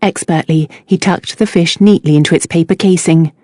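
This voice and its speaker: Woman audiobook narrator, lowish voice, measured reading, very dry close recording. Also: warm tone, no room sound. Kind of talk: scripted narration.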